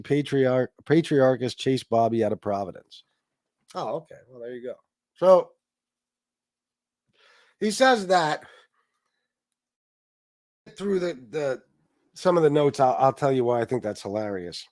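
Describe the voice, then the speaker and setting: A man with a stuffed-up nose hosts a loose, rambling livestream, reading chat comments aloud and dropping casual swears. His voice sits at an ordinary middle pitch and comes across dry and close, with no room sound. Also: animated, a little slow, long pauses, a little mellow, dry recording. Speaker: livestream host.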